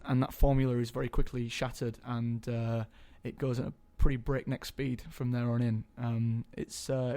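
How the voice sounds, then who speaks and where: A young man talking casually as an interview guest, chatty and hesitant, filling pauses with ums. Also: medium pitch, dark tone. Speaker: guest actor.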